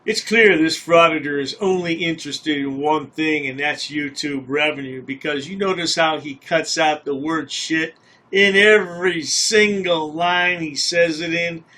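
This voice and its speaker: A man's voice: fairly high pitch, measured pace, sharp tone. A man commenting over a video in a sarcastic, scolding, folksy way. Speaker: commentary host.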